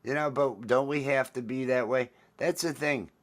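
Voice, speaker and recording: Speaking at normal speed with a medium-pitched voice, a livestream host chats casually in a relaxed, rambling way. He repeats himself and says hello to viewers by name.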